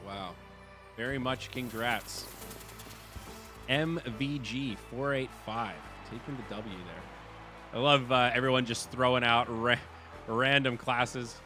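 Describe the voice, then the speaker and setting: A man hosting a game stream, chatting casually and excitably, swearing and laughing at his losses. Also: mid-range voice, slow, over music. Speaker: stream host and commentator.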